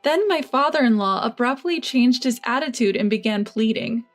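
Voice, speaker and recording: A woman reading a first-person revenge story in an even, measured way. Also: on the high side, soft background music. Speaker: narrator.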